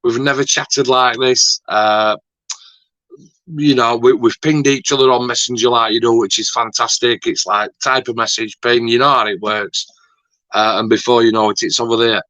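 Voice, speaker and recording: Bloke rambling on, bright edgy voice, dry dull lo-fi sound. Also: male voice, medium pitch, steady tone, moderate pace, no room sound. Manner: chatty, rambling, swears lightly. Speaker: YouTube host. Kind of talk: casual chat.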